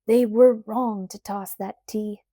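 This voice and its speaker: A woman reading the part of an angry loyalist gentleman who scolds loudly and slowly. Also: medium pitch, steady tone, no echo, studio quality, natural voice. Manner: loud, slow, scolding.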